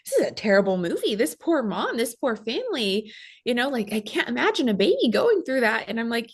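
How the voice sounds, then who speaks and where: A woman in her thirties, a guest mother retelling a traumatic hospital week, talking quickly with many fillers and acting out what others said. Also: on the high side, sing-song, husky. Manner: fast storytelling with many fillers, acting out quoted voices. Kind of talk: emotional personal recount.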